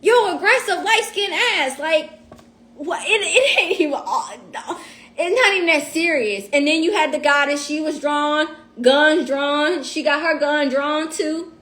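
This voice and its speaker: A woman telling a story on a casual livestream. She is animated and profane, and talks straight to her viewers. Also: sits high, a little slow.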